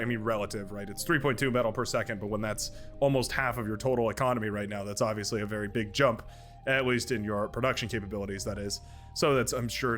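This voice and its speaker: A man's voice: medium pitch, a bit bright. A man hosting his gaming channel, casually commentating a strategy game match, chatty and upbeat, sometimes tripping over names and laughing. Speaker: gaming channel host and caster.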